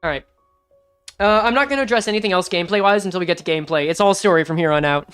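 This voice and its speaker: A woman streaming a story game, commenting in a loose, rambling way. She gets loud and excited easily and swears freely. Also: fairly low pitch, very fast, clear, resonant tone, soft background music. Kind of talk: casual live-stream commentary.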